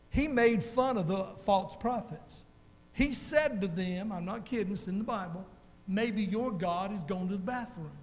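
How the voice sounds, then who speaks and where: A male pastor preaching a sermon in a folksy, animated storytelling way, calling out to his congregation. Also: high-pitched, big-room sound, slight background noise.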